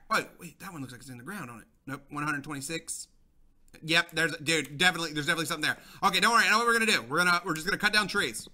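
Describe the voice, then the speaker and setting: A young man giving excitable let's-play commentary, talking to viewers, repeating himself and yelling when things go wrong. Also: fairly high pitch, very fast. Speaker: gaming channel host.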